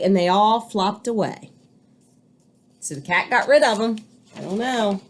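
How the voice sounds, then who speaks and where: A woman's voice: mid-range voice, animated, a little slow, long pauses. A woman, a teacher, reading a picture book aloud to children and adding chatty asides.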